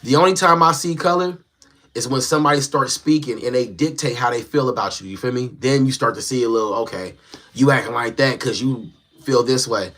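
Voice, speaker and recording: A man's voice: medium pitch, a little fast, a bit bright. Young male streamer, casual and slangy, easygoing delivery. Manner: laid-back, slangy, talks straight to viewers. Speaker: livestreamer reading viewer comments. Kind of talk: casual live-stream chat. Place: small home room he built as a live-stream set. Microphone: phone.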